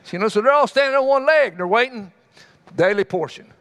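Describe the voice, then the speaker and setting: Male preacher, high voice, homespun storyteller, conversational sermon style. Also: lively intonation, a bit bright. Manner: folksy, conversational preaching with repeated "come on"; tells homespun stories with quick asides to the congregation.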